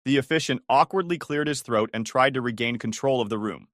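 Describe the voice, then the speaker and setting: A man's voice: mid-range voice, fairly quick, fairly bright tone, no room sound, clean studio sound. A man narrating a first-person revenge story in a dramatic, gossipy way.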